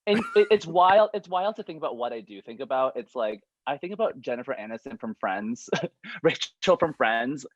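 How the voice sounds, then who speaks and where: Giggly, animated man on dull lo-fi audio. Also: mid-range voice, moderate pace, dry recording. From US East Coast. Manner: giggly, animated, self-deprecating. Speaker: comedian guest. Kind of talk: casual comedic interview chat.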